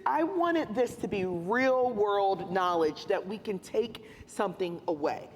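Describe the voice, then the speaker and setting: Lively woman moderating a panel. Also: medium pitch, slight background noise. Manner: upbeat, energetic, coaxing the audience. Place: large hall on a conference stage. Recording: long hall reverb with faint ambience.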